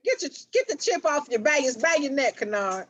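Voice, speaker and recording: A woman's voice: high voice, big pitch swings, a bit bright. A woman in a casual chat, teasing the others and restarting her words as she talks. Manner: teasing, quick, stumbling restarts.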